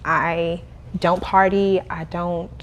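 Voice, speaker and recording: A young adult woman, a guest in a casual interview, telling her story in a lively way, laughing and acting out what people said. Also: fairly low pitch, slow pace. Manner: animated, laughing, acts out quoted dialogue. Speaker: guest, cleaning business owner.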